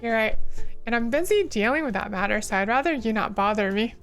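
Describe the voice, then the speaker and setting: Earnest blunt teen hero, a woman reads him, secret magical powers, fairly high voice. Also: lively intonation, brisk, a bit bright, clean tone, faint music behind. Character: determined teen boy turned magical girl.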